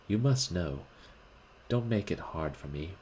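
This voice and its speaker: A man's voice: low-pitched, expressive, unhurried, a little mellow, slight background noise, rough recording. A man reading aloud and voicing a young painter who speaks with forced cheer and unconcern. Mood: cheerful.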